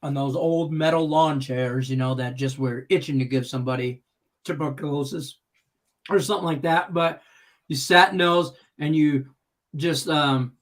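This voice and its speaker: A man's voice: on the high side, normal speed. Rambling, chatty man hosting a stream. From Detroit, Michigan. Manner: rambling, chatty, laughs easily. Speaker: host. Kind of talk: casual chat on a live betting stream.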